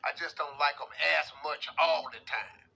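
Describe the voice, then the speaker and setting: A man hosting a radio show, giving comedic commentary on a listener's letter in an animated, drawling way full of playful slang. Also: on the high side, unhurried, creaky, highs cut off, a little hiss or hum.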